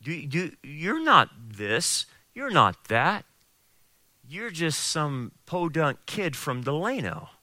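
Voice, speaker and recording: A man voicing the devil as a low, hushed, taunting whisperer of doubt. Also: no room sound, exaggerated voice.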